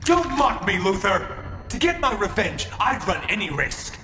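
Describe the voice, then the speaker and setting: An actor voicing a bitter, vengeful young male archer in an animated series, tense and prone to shouting. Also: high voice, measured pace, exaggerated voice. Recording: cartoon clip with reverb and music.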